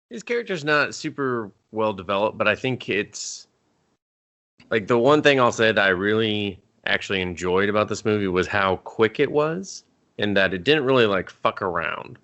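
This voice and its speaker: Low-voiced man casually recapping a movie. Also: sing-song, fairly bright tone, muffled recording. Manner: loose, profane retelling with quick mock-voiced quotes. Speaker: podcast co-host. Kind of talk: casual movie review chat.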